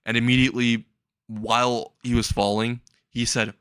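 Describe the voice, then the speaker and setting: A man's voice: medium pitch, little pitch movement, moderate pace, fairly bright tone, clean tone, dry recording. Guy rambling through a fan story, laughs at his own jokes, dry close sound. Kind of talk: casual retelling of a fan story.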